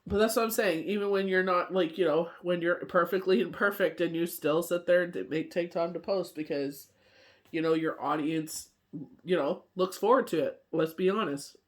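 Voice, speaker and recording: A woman's voice: lowish voice, normal speed. Tired woman doing a daily tarot reading, super chatty and rambly, lots of "you know", laughs a lot. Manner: laughs often while telling stories. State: tired from coughing fits. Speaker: tarot card reader.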